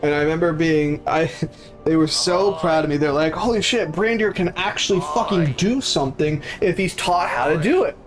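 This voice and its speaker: Young man, streamer, casual storytelling, swears a lot, does voices for people he quotes, slightly high voice. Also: moderate pace, music in the background. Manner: profane, acts out voices of people in his stories.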